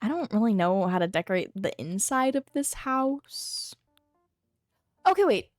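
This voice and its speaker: A woman's voice: mid-range voice, lively intonation, a little slow, a little mellow, dry recording, clean studio sound, soft background music. A young woman streaming a video game from home, thinking aloud in a rambling, casual way and humming to herself. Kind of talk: casual live-stream chatter while playing.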